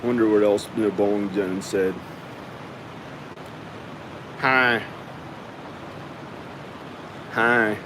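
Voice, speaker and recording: A man's voice: fairly low pitch, fairly even intonation, slow, noisy background. A man vlogging at home in a casual, rambling monologue, often repeating himself as he talks to the viewer. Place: at home indoors.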